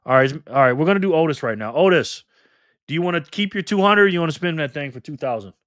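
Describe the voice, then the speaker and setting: A man hosting a live stream in a loose, joking way, reading the chat messages out loud. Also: fairly high pitch, lively intonation, fast, no echo, clean studio sound. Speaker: livestream host.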